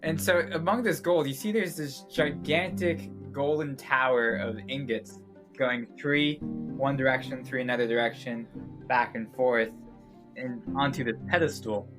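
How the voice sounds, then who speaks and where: A man's voice: medium pitch, steady tone, a little slow, music in the background. A man narrating as game master in a tabletop role-playing podcast, laid-back and chatty. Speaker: dungeon master.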